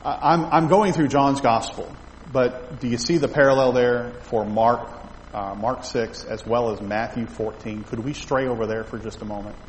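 A man's voice: mid-range voice, steady tone, normal speed, slight background noise. A male pastor preaching an expository sermon in a conversational way, with restarts and asides to the congregation, in a church sanctuary. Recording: echoey hall, faint ambience.

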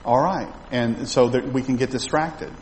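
A man's voice: mid-range voice, normal speed, a little mellow, slight background noise. A male pastor preaching an expository sermon in a conversational way, with restarts and asides to the congregation, in a church sanctuary. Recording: echoey hall, faint ambience.

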